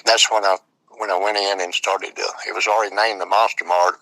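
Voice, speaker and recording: A man's voice: sits low, flat delivery, brisk, vocal fry, bright, forceful tone, no room sound, poor audio. A man who owns a store, talking about it in a plain, matter-of-fact way in an interview. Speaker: store owner. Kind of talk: casual interview.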